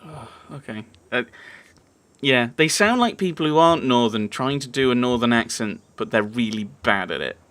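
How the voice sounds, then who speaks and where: A man's voice: mid-range voice, lively intonation, normal speed, a bit bright. A man giving casual, hesitant gameplay commentary, thinking aloud as he plays. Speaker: let's play host.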